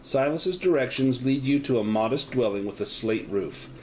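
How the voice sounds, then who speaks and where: Guy running a solo horror tabletop game, lively up-and-down voice, describes every scene. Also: moderate pace, slight background noise, poor audio. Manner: descriptive, with lively pitch, offering choices. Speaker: game master.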